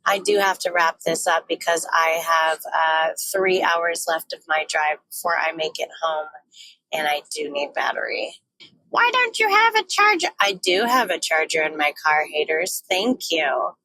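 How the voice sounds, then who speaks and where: A woman's voice: low voice, fairly even intonation, unhurried, sharp tone, a little hiss or hum, poor audio. A young woman talking candidly in a frank, joking, often profane monologue, recorded on a phone while she drives her car. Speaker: vlogger.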